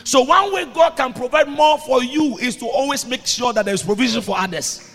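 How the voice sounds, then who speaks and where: Raspy high-voiced pastor guy preaching, gravelly, shouts and sings lines, echoey church hall with music. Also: a little fast. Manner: preaching with sudden shouts and sung phrases. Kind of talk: sermon.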